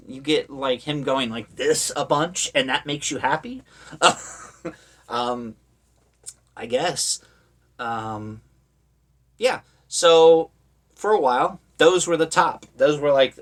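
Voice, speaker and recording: A man's voice: mid-range voice, lively intonation, takes it slowly, long pauses, fairly bright tone. Rambling, sarcastic man reviewing horror films. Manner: rambling, with many fillers and sarcastic asides. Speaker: horror movie vlogger. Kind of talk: casual opinionated commentary.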